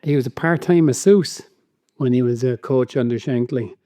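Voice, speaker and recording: Brief: male podcast co-host, mellow tone, dry close sound, curious and quick to laugh. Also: mid-range voice, no room sound. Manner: curious, laughs often, retells stories. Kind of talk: casual chat.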